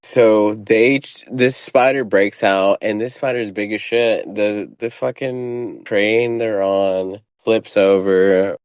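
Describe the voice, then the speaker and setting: A young man with a somewhat low voice talks through a film in a loose, casual chat. He sounds blunt and profane and mocks what he describes. The mic is close, and the sound is dry with no room echo. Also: steady tone, takes it slowly, few pauses, clear, resonant tone. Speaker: podcast host reviewing a film.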